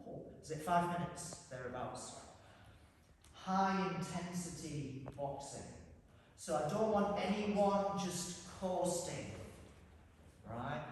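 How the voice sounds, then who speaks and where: A man's voice: fairly high pitch, slight background noise. A man in his sixties leading a breathing and boxing class, firmly repeating the rules. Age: 60s. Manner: firm, instructive, repeats rules. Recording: roomy hall, voice from far off.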